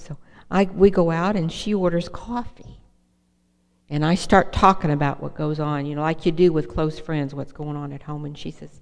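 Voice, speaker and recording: Low-voiced woman in a reverberant hall. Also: steady tone, moderate pace. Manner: emotional, earnest storytelling. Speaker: speaker sharing her recovery story at a meeting. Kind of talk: personal testimony talk. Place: hall with a podium.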